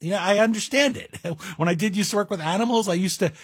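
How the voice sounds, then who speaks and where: Man, middle-aged, talk radio host, fairly high voice, dry close studio sound, wry asides. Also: quick pace, husky, dry recording. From Greek heritage. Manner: wry, self-deprecating, conversational with asides. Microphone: studio mic.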